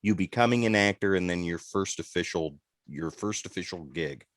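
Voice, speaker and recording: A male host of a casual interview, laid-back and quick to affirm the guest. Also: low-pitched, animated, no echo, clean studio sound.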